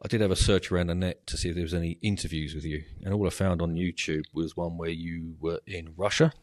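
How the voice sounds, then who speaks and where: A man's voice: low-pitched, fairly even intonation, fast talker, a little mellow, dry recording. A middle-aged man hosting a podcast, chatting casually and rambling with lots of fillers over a video call. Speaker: podcast host. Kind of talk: casual interview wrap-up chat.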